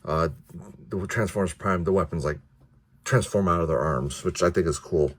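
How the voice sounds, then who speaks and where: Guy with a lowish voice rambling thru a toy review, lots of ums and restarts. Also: slightly rough. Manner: rambling, halting, many restarts and fillers; offhand, mildly profane. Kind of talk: casual unscripted review.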